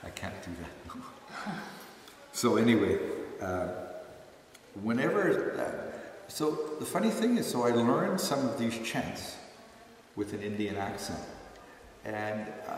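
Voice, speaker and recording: A man's voice: lowish voice, slight background noise. Man, ashram storyteller, self-mocking and loose, far off in a big echoing hall. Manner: relaxed, self-mocking anecdotes with many fillers. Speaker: former ashram staff member leading chanting. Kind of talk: storytelling talk to a group. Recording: echoey hall, distant mic.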